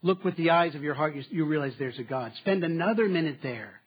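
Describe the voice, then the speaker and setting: A man delivers a sermon in a somewhat high, husky voice. He swings from emphatic lines to hushed asides. The recording sounds a little dull and muffled. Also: fairly quick. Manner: dynamic preaching, dropping to quiet asides with laughs. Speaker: pastor.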